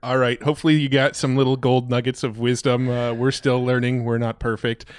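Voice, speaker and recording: A man's voice: medium pitch, little pitch movement, a little fast, clean tone, no room sound, clean studio sound. A young man co-hosting a podcast, chatting casually and rambling with fillers and restarts. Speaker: podcast co-host. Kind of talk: casual chat.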